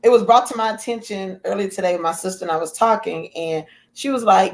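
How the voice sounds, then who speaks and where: Animated woman guest, lively storytelling. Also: medium pitch, a little fast, few pauses. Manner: animated, acts out quotes in a raised voice. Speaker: guest author. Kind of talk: casual chat.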